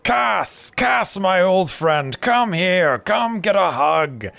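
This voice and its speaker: A man's voice: animated, takes it slowly, vocal fry, a bit bright, no room sound, full character voice. A man voicing a jovial, hearty male brewer who greets an old friend effusively. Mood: boisterous. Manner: booming, effusive.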